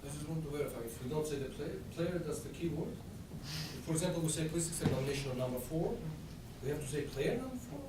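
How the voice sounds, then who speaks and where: A man speaking quietly and incredulously as a player at a tournament game. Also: a little high, expressive, quick pace. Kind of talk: game table speech. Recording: from far off, echoey, noisy.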